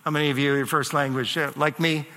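A man's voice: on the high side, little pitch movement, quick pace, pushed and bright. A man whose first language is German, preaching a sermon in a conversational way with asides and fillers. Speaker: pastor. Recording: long reverb of a large hall.

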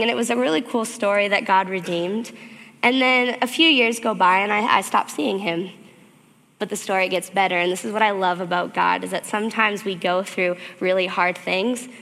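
A woman stands before a church and tells her own story in an earnest, animated way. Her voice is sharp and bright with a gravelly edge. The sound trails off into the long reverb of the church hall. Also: medium pitch. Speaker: church speaker. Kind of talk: personal testimony sermon.

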